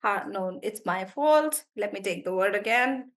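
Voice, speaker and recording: A woman teaching an online English class, sounding out words slowly to show syllable stress and correcting herself as she goes. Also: mid-range voice. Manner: animated, drawn-out demonstration of syllable stress, self-correcting.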